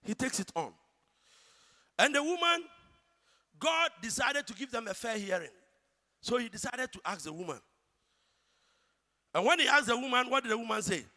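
A man with a Ghanaian accent preaching a sermon, shouting one moment and hushed the next. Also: very high voice, sing-song, normal speed, pauses often. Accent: Ghanaian English. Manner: dramatic, swings from shouting to hushed. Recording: church hall reverb.

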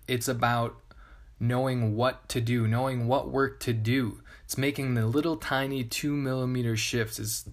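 A man hosting a podcast, telling a story in a conversational way and repeating words for emphasis. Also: mid-range voice. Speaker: podcast host.

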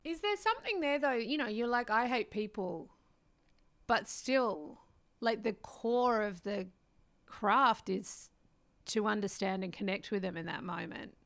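A woman's voice: mid-range voice, lively intonation, measured pace, a bit bright. A woman hosting an interview, asking teasing, incredulous questions. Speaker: interviewer, host. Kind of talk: casual interview chat.

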